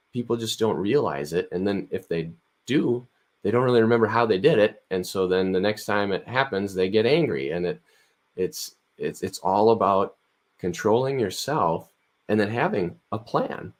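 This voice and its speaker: A man in a casual podcast conversation, explaining things calmly and repeating words as he restarts. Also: lowish voice, moderate pace.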